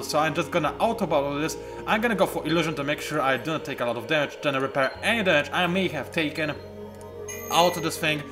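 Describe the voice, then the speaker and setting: A man casually commentating a strategy game he is playing, animated and self-mocking, with bursts of excitement. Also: fairly high pitch. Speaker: let's play host.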